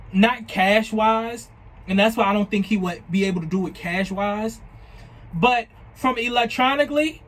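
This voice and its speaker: A man's voice: high-pitched, poor audio. A young man from New Jersey casually telling a storytime about scam attempts, swearing freely and acting out the messages he got. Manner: animated, profane, retelling chats with quoted lines. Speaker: vlogger.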